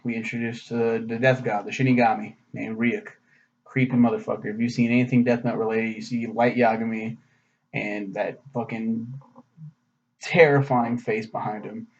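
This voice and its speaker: A man's voice: medium pitch, level tone, normal speed. A man giving a casual, rambling anime review, profane and sarcastic in a loose, offhand way. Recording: slightly muffled lo-fi audio.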